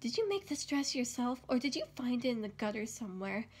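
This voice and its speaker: A cruel, taunting king, as a woman reads him aloud in a storybook reading. He draws out his sarcastic, scornful words slowly. The voice sits somewhat high. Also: sing-song, a little mellow, slightly rough. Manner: slow, sneering, sarcastic.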